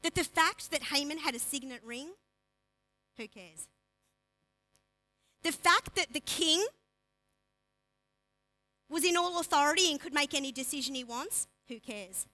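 A woman delivers a lively sermon from a pulpit, talking in a casual, conversational way full of asides. Her voice sits high and bright, and she keeps switching into the voices of the story's characters as she retells scripture. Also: unhurried, pauses often, no echo, low-quality recording. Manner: animated, acts out dialogue of story figures; chatty, uses "like" and asides. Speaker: preacher.

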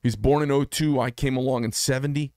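A man's voice: medium pitch, steady tone, fast talker, a little mellow, dry recording, studio quality. A man in his fifties hosting a solo commentary show, speaking in an impassioned, emphatic way and often repeating himself for effect. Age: 50s. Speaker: podcast host.

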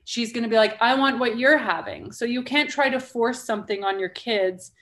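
A woman's voice: a little high, normal speed, a bit bright. A woman in her thirties hosting a casual podcast conversation, talking emphatically and firing off rhetorical questions. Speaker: podcast host.

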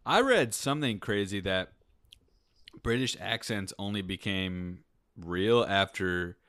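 A man co-hosting a comedy podcast over a video call, setting up wry, deadpan challenges. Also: fairly low pitch, slow, dry recording, studio quality. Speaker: podcast co-host. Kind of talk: casual comedic chat.

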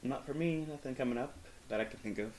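A man's voice: mid-range voice, fast, a little mellow, roomy sound. A man as a podcast guest in casual chat, making short enthusiastic remarks.

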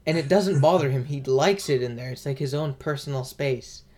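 Young man, podcast co-host, rambling storyteller, average pitch. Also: moderate pace, a little mellow. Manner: rambling storyteller, lots of fillers. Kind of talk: casual chat.

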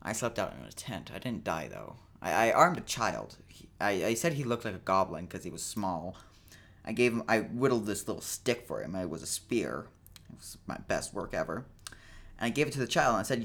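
A man's voice: on the low side, sing-song, brisk, fairly bright tone. A young man hosting a casual solo podcast, rambling and joking in a self-deprecating way, sounding a bit tired. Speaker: podcast host.

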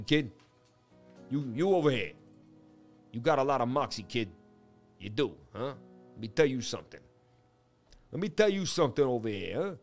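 A man voicing a gruff street-tough man who scolds a cheeky kid and keeps nagging with "huh?". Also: fairly high pitch, natural voice.

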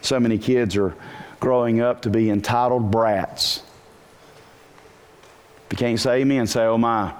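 A man preaching a sermon to a congregation, animated, asking rhetorical questions and breaking into bursts of shouting. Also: mid-range voice, unhurried, long pauses, clear, resonant tone. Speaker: pastor.

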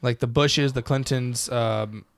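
A man co-hosting a casual podcast, talking in a loose, animated ramble that is packed with swearing. His voice sits at an ordinary middle pitch, and the recording is dry and close. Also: measured pace, gravelly, clear, resonant tone, dry recording. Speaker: podcast co-host.

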